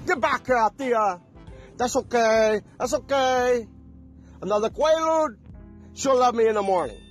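A man doing an impression of a brash, hotheaded film gangster, yelling after a woman who walks out on him. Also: very high-pitched, a little slow, faint music behind, pitched above the performer's own voice.

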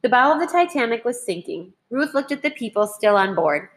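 A woman teacher reading a children's history book aloud in a clear, measured way. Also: a little high, very animated.

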